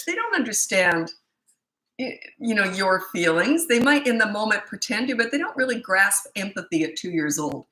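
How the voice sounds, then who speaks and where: Blunt, bright-voiced middle-aged woman. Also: mid-range voice, very animated, moderate pace, roomy sound, low-quality recording. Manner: blunt, incredulous, mocking, laughs often. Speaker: parenting coach answering viewer questions. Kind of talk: live Q&A, casual and blunt.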